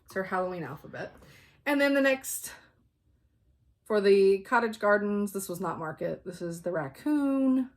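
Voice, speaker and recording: A woman's voice: mid-range voice, lively intonation, moderate pace, darkish tone. Chatty woman showing her stitching. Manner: chatty, laughs often, talks to her dogs. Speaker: flosstube host. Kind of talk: casual show-and-tell chat.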